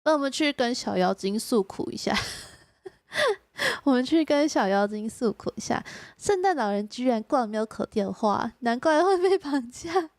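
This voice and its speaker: A woman from Taiwan, a native Mandarin speaker, hosting a casual live stream. She giggles often and speaks English slowly and carefully. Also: high voice, very animated, dry recording. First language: Mandarin Chinese. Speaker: streamer host.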